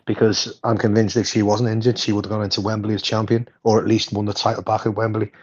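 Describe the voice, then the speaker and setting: A man co-hosting a podcast in casual chat, an animated storyteller with a voice worn hoarse. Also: fast talker. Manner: animated storyteller, jumps high in pitch. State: hoarse, hungover. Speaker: podcast co-host. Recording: dull lo-fi sound.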